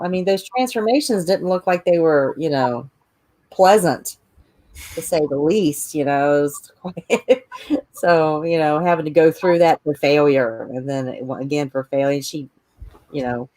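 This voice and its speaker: A woman's voice: sits low, darkish tone. Easygoing woman in casual film chat. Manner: easygoing, laughs often. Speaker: film podcast co-host.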